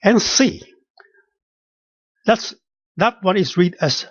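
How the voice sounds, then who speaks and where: Slow, halting pronunciation teacher. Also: mid-range voice, animated, breathy edge, no echo, muffled recording. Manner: slow and halting, with many fillers, repeating each sound. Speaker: language teacher. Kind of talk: pronunciation lesson.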